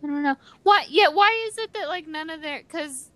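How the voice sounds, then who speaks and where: A woman's voice: high voice, sharp tone. A woman co-hosting a podcast, chatting casually and playfully with frequent laughter. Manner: playful, laughs often, quick asides. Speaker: podcast co-host. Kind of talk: casual chat.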